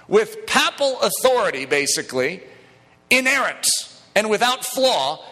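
A middle-aged pastor with a fairly high, bright voice preaches a sermon in a church sanctuary, his pitch swinging widely. He jokes easily with the congregation, then builds to emphatic declarations that drive his points home, while a long reverb trails after him.

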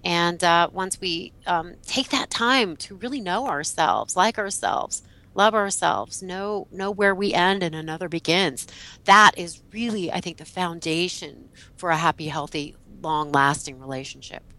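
A middle-aged woman guest who teaches about relationships, telling a personal story in an animated way, laughing and acting out what people said. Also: fairly low pitch, measured pace, low-quality recording. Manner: animated, laughing, acts out quotes. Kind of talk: storytelling in a podcast interview.

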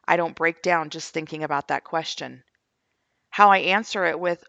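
Earnest grieving mother, gravelly voice. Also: lowish voice, moderate pace, sharp tone, no echo, dull audio. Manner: earnest, questioning, heartfelt. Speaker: grieving mother sharing her faith testimony. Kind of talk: reading her own journal posts aloud.

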